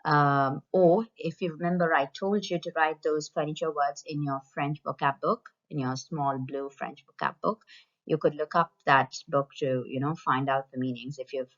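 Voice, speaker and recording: A woman with a low voice gives a recorded lesson to school pupils, saying each phrase slowly and then again. The sound is dull and lo-fi, as from a plain home recording. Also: fairly bright tone. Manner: slow, repeats phrases for pupils to copy. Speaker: French teacher.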